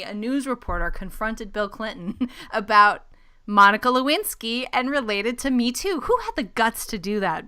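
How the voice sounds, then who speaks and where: A woman hosts a casual news podcast, her voice bright and forceful. Her tone is smooth and clear, and she is blunt and opinionated. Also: mid-range voice, moderate pace. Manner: opinionated, blunt, laughs often. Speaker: podcast host.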